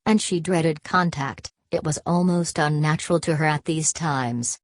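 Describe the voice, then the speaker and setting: A woman with a low, deep voice reads a classic novel aloud in a measured, steady way. The recording is dry and close, with no room sound around her. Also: no room sound. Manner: measured, steady literary reading. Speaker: audiobook narrator. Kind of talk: scripted narration of a classic novel.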